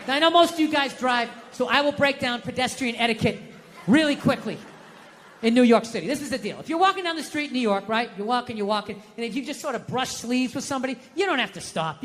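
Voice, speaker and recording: An American man doing a stand-up routine, ranting sarcastically with profanity and sudden shouts, on a theater stage. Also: extremely high pitch. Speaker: stand-up comedian. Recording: long hall reverb, faint noise.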